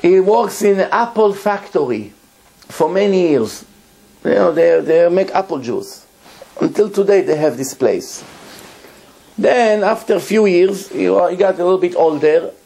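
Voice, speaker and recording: A man's voice: high voice, expressive, a little slow, gravelly, dark tone. A man, a rabbi giving a Torah lecture, telling a story emphatically and repeating words for effect.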